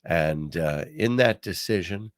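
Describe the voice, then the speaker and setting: A man's voice: deep voice, slow, no echo, clean studio sound. An older man hosting a political commentary podcast, talking in a wry, sarcastic way with many fillers. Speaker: podcast host.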